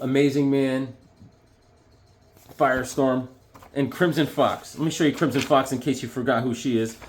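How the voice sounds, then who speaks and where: A man talking casually and excitedly, rambling through his collection with lots of fillers and restarts. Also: medium pitch, slight background noise. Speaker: comic book collector reviewing issues. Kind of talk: casual show-and-tell vlog.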